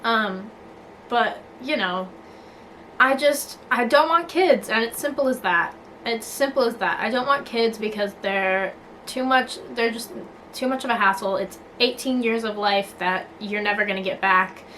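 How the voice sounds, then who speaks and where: A woman's voice: a little high, a little slow, pushed and bright, slight background noise, low-quality recording. A young woman venting casually to her camera, blunt and sweary, full of filler likes and restarts. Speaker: vlogger. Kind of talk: casual talking-to-camera rant.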